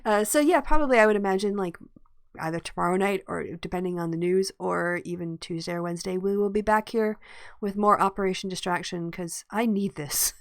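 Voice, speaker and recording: A woman of ordinary pitch hosts a podcast late at night, sounding tired but chatty and quick to laugh. Her voice sits dry and close to the mic, with no room sound. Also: no room sound. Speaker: podcast host. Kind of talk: casual chat.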